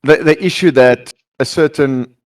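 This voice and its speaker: A man's voice: on the high side, measured pace. A man running a tabletop game over a voice call, chatting casually and teasing his players, with frequent restarts.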